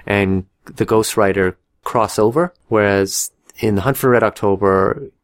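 A man's voice: on the low side, measured pace. A man co-hosting a casual podcast, talking through movie recommendations in a rambling way with restarts and dry jokes. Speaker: podcast co-host. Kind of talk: casual chat about movies.

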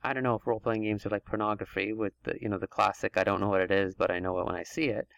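A man hosts a relaxed conversation, rambling through his thoughts in long, loose stretches. His voice sits low with plenty of gravelly fry. The sound is close and dry. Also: rapid-fire, dry recording. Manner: chatty, thinks aloud in long run-on stretches. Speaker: podcast host. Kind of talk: casual chat.

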